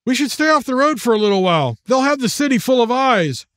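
A man's voice: extremely high pitch, very animated, fast, fairly bright tone, no room sound, studio quality, pitched above the performer's own voice, exaggerated voice. A man voicing an anxious young man on the run, tense and urgent.

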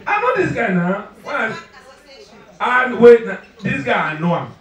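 A man with a Nigerian accent doing live stand-up and crowd work, loud and teasing, slipping into pidgin as he talks straight to the audience. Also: very high voice, wildly swooping pitch, a little slow, far from the mic. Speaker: stand-up comedian. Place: live comedy venue. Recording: echoey venue, mic heard from afar, crowd noise. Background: audience laughing.

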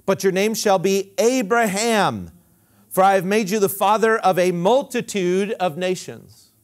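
A man preaching a sermon as pastor, emphatic and repetitive, dropping low and quiet when he quotes scripture. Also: unhurried. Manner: emphatic preaching with repeated phrases.

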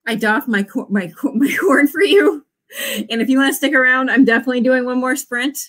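Her voice sits high and moves fairly quickly, with a slightly bright quality. She's an author in her forties running a writing sprint livestream, keeping things casual and bubbly and whooping to cheer on her viewers.

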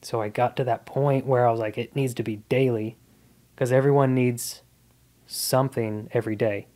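This comedian, a man in his thirties guesting on a podcast, reflects on his life in an easygoing yet earnest way. He has a mellow, medium-pitched voice that stays steady at a moderate pace.

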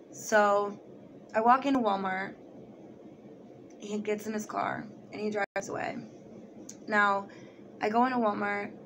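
Animated young woman telling a story. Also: mid-range voice, a little hiss or hum. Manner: animated, swearing, acts out quoted voices. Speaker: vlogger. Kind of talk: casual storytelling.

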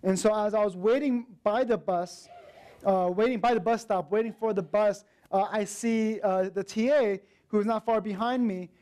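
Young guy preaching at church, high voice, acts out little quotes in his story. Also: moderate pace. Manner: storytelling with lively acted quotes. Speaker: minister. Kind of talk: sermon.

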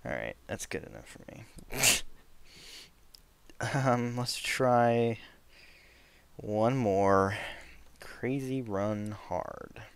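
A man narrating his own game playthrough as a let's play host, excitable, yelping and laughing at what happens on screen. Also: on the low side, extremely slow, vocal fry, pauses often, background noise. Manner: excitable, yelps and laughs at the action. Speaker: gaming channel host.

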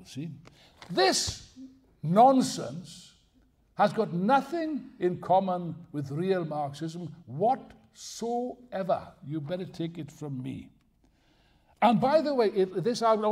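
Gravelly older man lecturing with wry humor. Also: high-pitched, very animated, takes it slowly, darkish tone. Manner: humorous, digressive, emphatic. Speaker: speaker at a political festival. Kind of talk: live lecture to an audience.

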